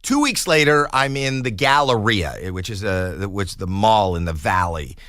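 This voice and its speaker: A man in his sixties, a podcast guest telling a comic story in an animated way and acting out the quoted voices. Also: lowish voice, normal speed, dry recording, studio quality.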